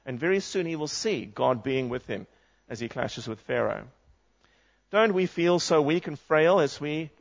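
A man preaching a sermon, reading scripture aloud and putting questions to the congregation. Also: fairly high pitch. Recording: muffled lo-fi sound.

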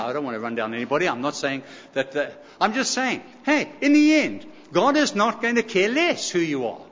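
A man's voice: high-pitched, sing-song, a little fast, few pauses, fairly bright tone. A man preaching a sermon, emphatic, repeating key phrases and asking the congregation rhetorical questions. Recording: echoey hall, slightly dull sound.

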